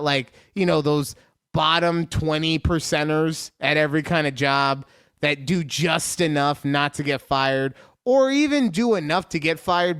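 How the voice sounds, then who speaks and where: A man's voice: a little high, fairly bright tone, clean tone, no echo. A man co-hosts a casual podcast chat and reads horoscopes aloud. He plays things up for laughs and swears freely. His voice is dry and close to the mic. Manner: joking, mock-dramatic, swears freely. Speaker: podcast co-host.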